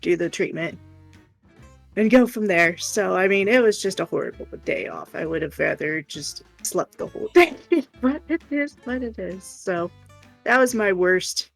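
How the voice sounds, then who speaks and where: A woman's voice: medium pitch, normal speed, gravelly, soft background music. A woman streamer telling stories in casual chat and laughing often. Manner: chatty storytelling, laughs often.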